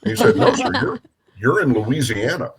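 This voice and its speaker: Husky and mid-range, this man's voice moves at a moderate pace. He's a middle-aged police officer from Minnesota spinning relaxed anecdotes and lively impressions of the characters in them.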